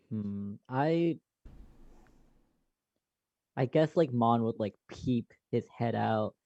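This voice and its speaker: A tabletop game player speaking in an animated way, laughing through the lines. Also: mid-range voice, very slow, pauses often, no room sound. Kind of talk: casual tabletop chat. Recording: dull lo-fi mic.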